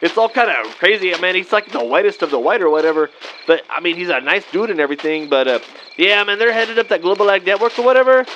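In a high-pitched, slightly bright voice at a quick pace, a man portrays a relaxed Mexican-American guy out trick-or-treating with friends. He rambles in slangy, drawled speech full of "man" and "vato," and the audio has its highs cut off with slight background noise.

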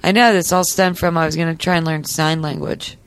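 Gravelly-voiced woman joking on a podcast. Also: sits low, fairly even intonation, brisk, noisy background. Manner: loose and joking, swears freely. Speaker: podcast co-host. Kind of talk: casual chat.

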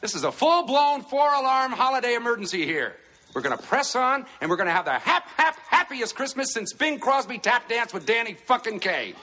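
An actor playing a frazzled middle-aged father in a film comedy, ranting and shouting in rage. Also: very high voice, very animated, brisk, full character voice. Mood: manic, forced cheer.

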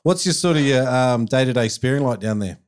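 A man's voice: medium pitch, animated, fairly quick, smooth. Upbeat man hosting a podcast. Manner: upbeat, chatty, laughs easily. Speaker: podcast host. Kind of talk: casual interview chat.

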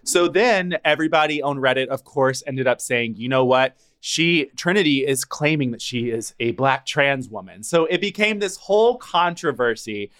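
A man co-hosting a podcast who tells gossip as a story in casual chat. He acts out the lines he quotes as he goes. His voice sits at an ordinary middle pitch. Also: lively intonation, normal speed, few pauses, a bit bright, smooth. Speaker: podcast co-host.

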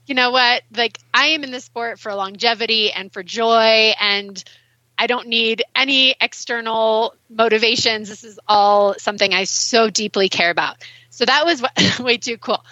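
Bright, animated woman guest. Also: a little high, no room sound. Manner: animated, emotional, quick bursts with laughs. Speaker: guest ultrarunner. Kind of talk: casual podcast interview. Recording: muffled dry recording.

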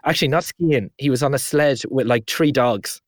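A man co-hosting a podcast in casual chat, relaxed and talkative, reading out figures. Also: medium pitch, normal speed, no echo. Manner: chatty, relaxed, reads stats aloud. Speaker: podcast co-host. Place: small room. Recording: dry close studio mic.

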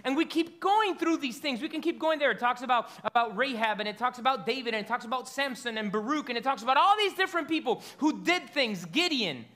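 Pastor, man in his thirties, high and bright, lively sermon with stumbles and repeats. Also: quick pace, hardly any pauses. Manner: animated storytelling preacher, stumbles and repeats words.

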